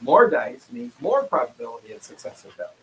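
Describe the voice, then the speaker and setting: A man's voice: medium pitch, sing-song, a little fast, a bit bright, slight background noise, low-quality recording. A man running a tabletop game, patiently explaining dice rules and laughing easily. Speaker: game master. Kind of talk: casual tabletop game talk. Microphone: streaming setup mic.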